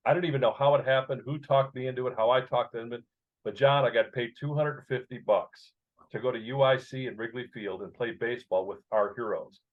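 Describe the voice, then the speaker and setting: A man's voice: mid-range voice, a little fast. A man in his sixties, raised in Chicago, telling a childhood story as an author in an interview, emotional and vivid. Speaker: author and guest. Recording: dull lo-fi sound.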